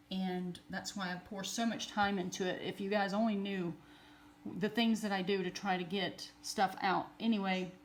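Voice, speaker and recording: A woman, vlogging in a rambling, excitable way and laughing often. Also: mid-range voice, slight background noise. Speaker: spiritual vlogger. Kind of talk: rambling casual vlog.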